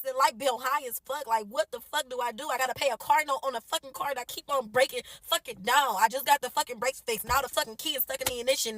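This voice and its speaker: Young woman, high bright voice, tearful and exasperated, swearing while she vents into a phone in a dry car interior. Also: dry recording, poor audio. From United States. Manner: profane, exasperated, tearful venting. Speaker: mother posting a social media video. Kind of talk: emotional venting to camera.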